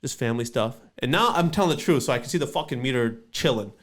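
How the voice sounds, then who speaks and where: A young man from Canada tells a story on a podcast in a loose, rambling way. He swears freely and pads his sentences with fillers. His voice sits at an ordinary, middle pitch. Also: expressive, quick pace, a bit bright. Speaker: podcast host. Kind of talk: casual storytelling.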